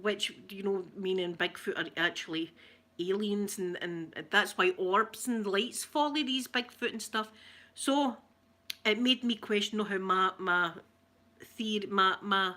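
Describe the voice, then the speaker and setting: A woman's voice: medium pitch, sharp tone. A woman with a Scottish accent hosting a casual live chat with viewers, telling stories and laughing often. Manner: chatty storyteller who laughs often. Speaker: livestream host.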